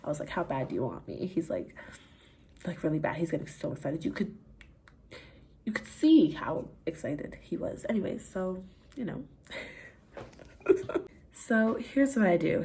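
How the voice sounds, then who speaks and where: Husky young woman telling a story. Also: medium pitch, measured pace, pauses often. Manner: animated, laughing, swings from hushed to loud. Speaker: vlogger. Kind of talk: casual story time.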